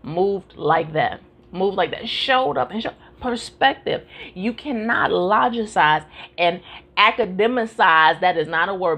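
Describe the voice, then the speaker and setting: A woman teaching a live-streamed Bible study in an animated, preacherly way, calling out to her listeners and urging them on. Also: mid-range voice. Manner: animated, preacherly call-and-response.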